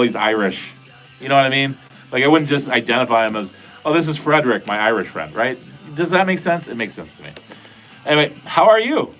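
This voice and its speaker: A middle-aged New England man hosts a casual livestream, rambling, cracking jokes and swearing as he talks to his chat. His voice is medium-pitched and a bit bright, with faint music behind him.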